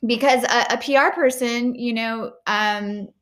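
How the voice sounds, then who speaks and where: A woman's voice: fairly high pitch, fairly even intonation, unhurried, a bit bright. A woman hosting a podcast interview, talking casually and chattily, with many restarts. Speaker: podcast host.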